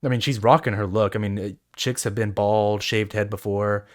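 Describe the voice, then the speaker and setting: A man's voice: on the low side, moderate pace. A young man co-hosting a podcast, chatting casually with lots of fillers and swearing. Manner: relaxed, profane, rambling with many fillers. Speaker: podcast co-host. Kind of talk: casual chat.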